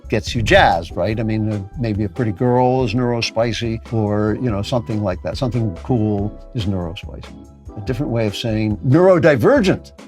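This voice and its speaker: A man's voice: fairly low pitch, moderate pace, darkish tone, faint music behind. A man in his late seventies hosting a comedic talk segment, dry and sarcastic, muttering asides as he guesses. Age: 70s. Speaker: show host.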